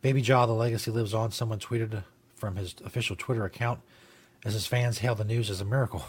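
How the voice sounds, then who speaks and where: A man's voice: lowish voice, steady tone, fast, slightly rough. A male talk-show host rambling casually and profanely, laughing at his own jokes, in a studio.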